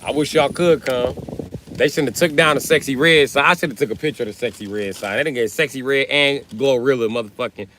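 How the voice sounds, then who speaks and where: A man chatting casually on a livestream, telling animated, profane stories with frequent laughter. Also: mid-range voice.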